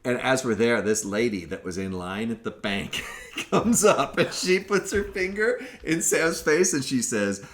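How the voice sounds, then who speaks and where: A man hosting a casual podcast chat, telling stories with a voice that swings widely up and down. He talks in an animated way and laughs often as he goes. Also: mid-range voice, a little slow. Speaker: podcast host.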